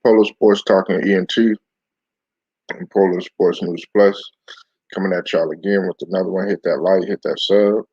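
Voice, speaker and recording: A man's voice: sits low, steady tone, normal speed, a little mellow, breathy edge, dry recording, lo-fi sound. A man hosting a casual live-stream sports talk show, chatty and loose, greeting his viewers by name.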